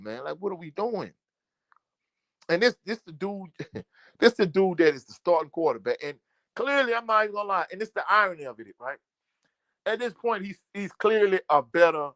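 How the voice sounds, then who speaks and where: Man, slightly high voice, dry close sound, blunt casual sports rant. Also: no room sound. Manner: blunt, exasperated, repeats himself. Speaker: sports channel host. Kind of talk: casual postgame reaction monologue. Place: home, indoors.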